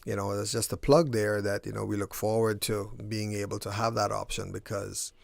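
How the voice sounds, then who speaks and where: Man w a low gravelly voice, flat delivery, keeps restarting sentences, dry studio mic. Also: moderate pace, dry recording. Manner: hesitant, repeats words at starts. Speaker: tournament organizer. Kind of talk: radio interview guest.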